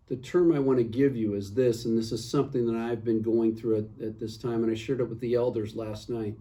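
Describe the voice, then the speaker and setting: Male pastor, mid-pitched and mellow, earnest devotional delivery with emphatic scripture reading. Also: fairly even intonation, fairly quick, few pauses, distant mic. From United States. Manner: earnest, rising to emphatic reading of scripture then dropping soft. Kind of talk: short video devotional.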